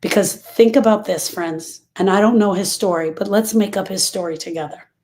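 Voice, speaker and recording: A woman's voice: medium pitch, normal speed, darkish tone. A woman hosting a show on grief, who tells stories emphatically and conversationally and repeats phrases for weight. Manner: emphatic, repetitive, conversational storytelling. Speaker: podcast host. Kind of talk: heartfelt motivational talk on grief.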